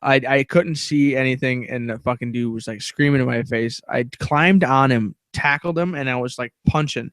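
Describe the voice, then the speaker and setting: Male podcast co-host, blunt and profane, rambling fillers, mid pitch, dry mic. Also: normal speed, hardly any pauses, a bit bright, clean tone, dry recording. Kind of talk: casual storytelling chat.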